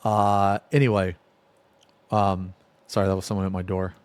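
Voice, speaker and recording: A man's voice: deep voice, level tone, moderate pace, clear, resonant tone, no room sound. A man telling a spooky personal story on a live stream, casual and rambling, full of fillers and swearing. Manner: rambling, profane, filler-heavy.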